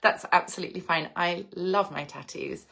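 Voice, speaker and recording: A woman's voice: lowish voice, moderate pace, creaky, bright, forceful tone. A woman in her late thirties from England, hosting a casual livestream, reflecting at length and answering viewer comments. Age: 30s. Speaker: livestream host.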